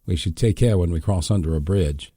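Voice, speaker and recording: A man voicing a calm, cautious adult male traveler giving a warning. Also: low-pitched, brisk, breathy edge, no room sound, clean studio sound.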